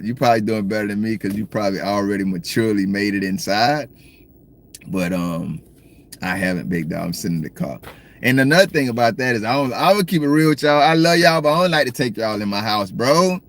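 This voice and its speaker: Parked in his car, a livestream host with a Southern American accent chats casually with viewers, joking and reading out their comments. His voice is medium-pitched and fairly bright, and his manner is laid-back as he speaks directly to his audience.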